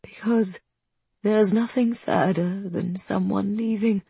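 A woman reading the part of a grieving old queen who speaks slowly, with an almost childlike voice. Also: mid-range voice, fairly even intonation, vocal fry, warm tone, breathy edge, no room sound, exaggerated voice. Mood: sorrowful. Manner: slow, sighing, almost childlike. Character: mournful old Queen weaving at a loom.

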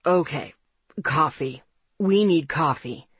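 A woman voicing a gentle, protective young man with a rich baritone, speaking in soft, low mumbles. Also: slow pace, husky, no room sound, full character voice. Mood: matter-of-fact.

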